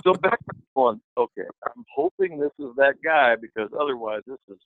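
Gravelly man telling a story over a phone line. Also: mid-range voice, normal speed, no echo. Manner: animated, lively anecdote with quoted voices. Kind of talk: casual storytelling.

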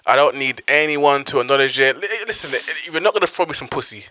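A man's voice: mid-range voice, quick pace, dry recording. A young man in casual chat, blunt and swearing freely. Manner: blunt, swears a lot, animated storytelling.

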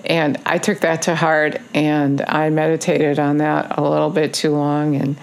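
Low, gravelly woman preaching. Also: level tone, measured pace. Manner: earnest, repetitive exhortation with frequent ums. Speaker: online preacher. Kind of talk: casual video sermon.

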